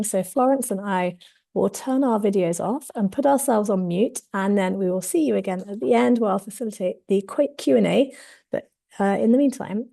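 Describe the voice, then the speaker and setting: A woman hosting a webinar over a video call from an office, upbeat and chatty, her voice a little husky while she recovers from tonsillitis. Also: medium pitch, warm tone. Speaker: webinar host, co-CEO. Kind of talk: welcoming webinar introduction.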